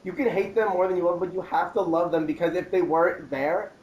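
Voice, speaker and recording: A young man with a notably high voice chats loosely on a podcast, piling up filler words and slipping into goofy impressions. Faint noise sits under the recording. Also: fairly quick, lo-fi sound. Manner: rambling, heavy on filler words and mock voices. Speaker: podcast co-host. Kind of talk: casual chat.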